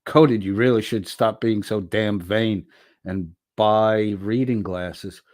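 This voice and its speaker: A man's voice: fairly low pitch, fairly even intonation, slow, darkish tone, no room sound, studio quality. A man hosting a livestream, reading viewer comments aloud with profane, wisecracking asides. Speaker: livestream host reading chat.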